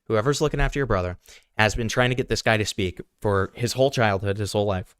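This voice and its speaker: A man's voice: on the low side, quick pace, clean tone, dry recording, clean studio sound. A young man hosting online commentary, sarcastic and pointed, asking rhetorical questions. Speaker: commentary channel host.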